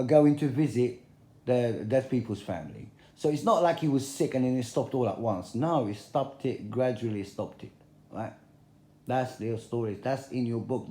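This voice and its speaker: List: man, mellow voice, blunt confrontational rant, repeats himself, roomy echo. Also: mid-range voice. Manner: confrontational, repetitive, plain-spoken. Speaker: video blogger. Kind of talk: direct-to-camera religious rant.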